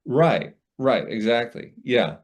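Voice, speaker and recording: A man's voice: mid-range voice, expressive, takes it slowly. A man, a guest audiobook narrator in casual conversation, rambling and reflective, with frequent restarts.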